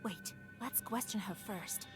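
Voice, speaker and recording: An actress playing a resolute young woman demon hunter in a video game, speaking calmly and firmly. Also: medium pitch, measured pace, music in the background, lightly acted. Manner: calm, firm. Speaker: game character.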